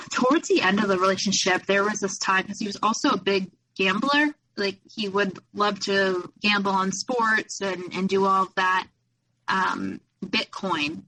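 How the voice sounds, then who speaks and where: A woman's voice: mid-range voice, normal speed, bright, forceful tone, poor audio. A young adult woman speaking candidly as a podcast guest, retelling past events with lots of quoted dialogue. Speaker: guest, abuse survivor. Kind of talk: personal storytelling in a podcast interview.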